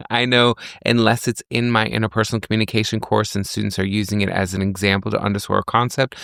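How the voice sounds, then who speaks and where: A man with a very low, gravelly voice teaches like a professor talking to his students, posing rhetorical questions and walking through everyday examples. The recording is close and dry, with no room sound around him. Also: fairly bright tone, no room sound. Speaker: communication professor and podcast host. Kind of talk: lecture-style podcast.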